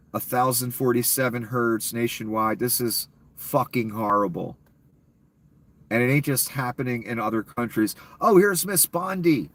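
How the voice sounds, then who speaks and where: A man's voice: mid-range voice, fairly bright tone. A man with a cold ranting sarcastically and profanely as a YouTube commentator, in a casual off-the-cuff style. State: ill, coughing.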